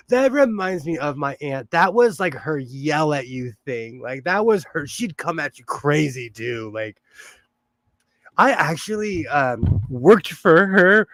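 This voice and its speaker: A man's voice: fairly high pitch, expressive, slow pace, pauses often, fairly bright tone, no room sound. A man hosting a casual sewing livestream, chatting, laughing often and reading viewer comments aloud. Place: home sewing room.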